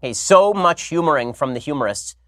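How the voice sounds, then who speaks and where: A man's voice: a little high, animated, brisk, a bit bright, no echo, studio quality. A man in his thirties hosting a podcast, telling a rambling story with wry, sarcastic asides. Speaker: podcast host. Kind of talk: casual monologue and commentary.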